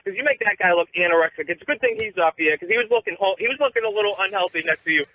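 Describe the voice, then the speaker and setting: A man calling in to a sports radio show who runs through a deadpan list of insults aimed at the host, heard over the phone. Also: high voice. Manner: rapid, deadpan insult routine. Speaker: caller. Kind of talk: prank radio call. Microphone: telephone. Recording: tinny phone line on radio.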